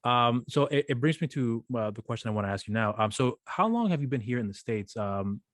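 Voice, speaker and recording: A man's voice: mid-range voice, expressive, a little fast, a bit bright, dry recording, studio quality. A man hosting a casual interview show, rambling and often stumbling over his words. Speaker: podcast host.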